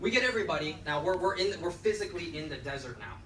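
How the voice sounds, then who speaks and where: A man telling a lively story to an audience at a lunch talk, often checking in with "okay". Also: a little high, fast, crowd noise. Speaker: presenter. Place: lecture room. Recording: echoey room, far mic, noisy.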